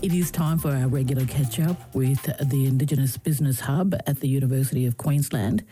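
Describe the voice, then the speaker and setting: A woman's voice: extremely low pitch, fairly quick, warm tone, slightly rough, faint music behind. A woman hosting a radio interview, conversational and asking questions. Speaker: radio host.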